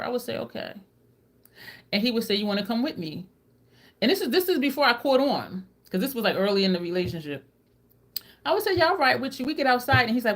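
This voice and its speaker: A woman in her thirties chatting casually to her viewers and telling animated, profane stories, laughing often and acting out what people said. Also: on the high side, fairly quick, long pauses. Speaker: YouTuber.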